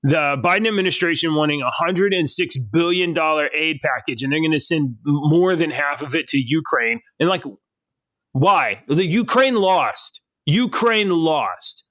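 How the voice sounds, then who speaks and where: A man's voice: a little high, moderate pace, a bit bright, no room sound. A man co-hosting a casual podcast, indignant and stumbling over his words. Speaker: podcast co-host.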